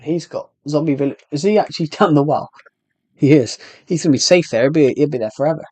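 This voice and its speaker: A man's voice: a little high, fast talker, warm tone, no echo. A man with a British accent chatting casually to viewers while livestreaming a game, rambling and talking to himself as he plays. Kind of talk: casual gameplay livestream chat.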